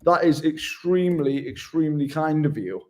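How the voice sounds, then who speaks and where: Animated and fairly high-pitched, with a dark tone and normal speed, a travel vlogger casually chats with viewers on his live travel stream. He comes across upbeat and pally, calling everyone "mate".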